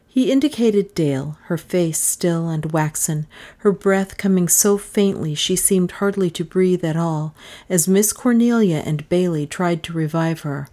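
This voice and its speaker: A woman reading a novel aloud in measured, dramatic narration. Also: fairly low pitch, dark tone. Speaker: audiobook narrator. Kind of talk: scripted narration.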